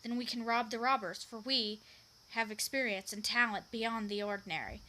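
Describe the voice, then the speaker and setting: A woman's voice: on the high side, moderate pace, pushed and bright, poor audio. A woman reading the lines of a fierce, proud male bandit in a storybook, with stumbles and repeated words. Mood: stern.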